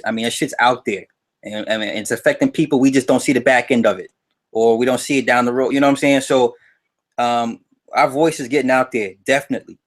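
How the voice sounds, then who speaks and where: Laid-back male guest, humble and rambling. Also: medium pitch. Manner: relaxed, humble, rambling with fillers. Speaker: guest YouTuber. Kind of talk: casual interview chat.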